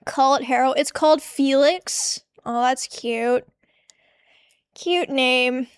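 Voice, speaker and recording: A woman streamer with a high voice reacts casually to clips, cursing freely and trailing off mid-thought. She talks at an unhurried pace, and the sound is close and dry with no room echo. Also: fairly even intonation, smooth. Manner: exasperated, swears freely, trails off.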